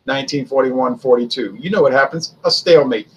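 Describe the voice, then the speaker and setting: Male host, husky, informal history commentary, conversational with rhetorical questions. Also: mid-range voice, a little fast, rough recording. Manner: conversational, poses and answers his own rhetorical questions. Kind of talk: casual spoken history commentary.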